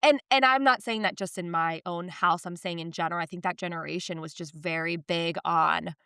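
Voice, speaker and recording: A woman in her thirties chats on a podcast with a bright, forward tone. She tells stories with lively energy and acts out what others said. The sound is close and dry. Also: lowish voice, brisk, clear, resonant tone, no echo. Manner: animated storytelling, acts out quotes. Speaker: podcast co-host. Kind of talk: casual podcast chat.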